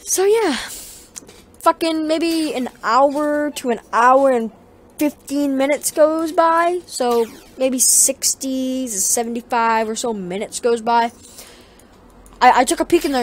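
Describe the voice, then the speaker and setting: A woman tells a casual vlog story in a slightly high voice. She rambles, swears freely and gets animated as she goes. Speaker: vlogger.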